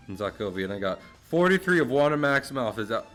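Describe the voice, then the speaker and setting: A man's voice: mid-range voice, sing-song, fast, few pauses, a bit bright, soft background music. Rambling, laughing man from New Jersey. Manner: rambling, laughs often, swears casually. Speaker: streamer. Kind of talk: casual livestream chat.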